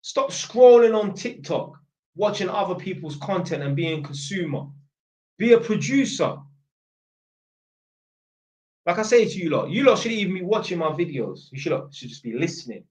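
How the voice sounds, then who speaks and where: This is a man with a fairly high voice. He answers viewer questions in a casual livestream chat, blunt and full of slang and swearing. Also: sing-song, fairly quick, a little mellow. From Northampton, England.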